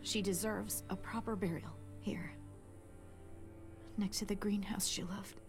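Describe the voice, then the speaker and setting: A woman's voice: medium pitch, steady tone, measured pace, music in the background, natural voice. An actress playing an earnest young woman grieving someone who raised her, in a game. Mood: insistent.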